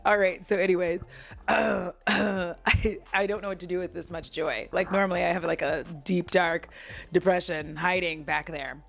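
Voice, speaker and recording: A woman's voice: on the low side, steady tone, moderate pace, gravelly, fairly bright tone. A woman hosting a casual movie recap vlog, giggly and rambling, with plenty of swearing.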